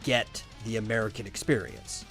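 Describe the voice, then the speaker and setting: A man's voice: fairly low pitch, fairly even intonation, moderate pace, fairly bright tone, soft background music. A man co-hosting a casual podcast chat who rambles and restarts his sentences, repeating words as he goes. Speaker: podcast co-host.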